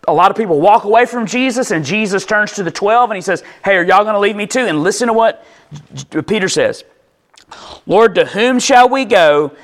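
A man delivering a sermon as a conversational teaching talk. His voice sits a little high for a man. He restarts and repeats words as he explains, and keeps asking whether his listeners are still with him. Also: a bit bright. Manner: conversational, checks in with listeners often. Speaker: pastor.

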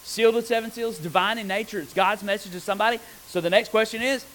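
Animated preacher man, slightly higher voice. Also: fast, a little hiss or hum, poor audio. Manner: animated, asks the listeners rhetorical questions. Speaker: preacher teaching on scripture. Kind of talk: conversational sermon.

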